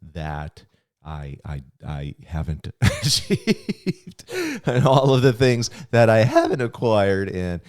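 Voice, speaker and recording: Low-voiced, rambling middle-aged male podcast host. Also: huge pitch swings, slow, darkish tone. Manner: rambling, reflective, with many restarts and chuckles. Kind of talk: casual podcast chat.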